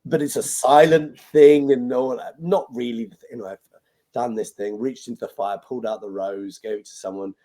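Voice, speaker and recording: Animated British man telling stage stories. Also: medium pitch, normal speed. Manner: animated, swears freely, acts out quoted lines. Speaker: podcast guest, magician and compere. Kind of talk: anecdotal storytelling interview.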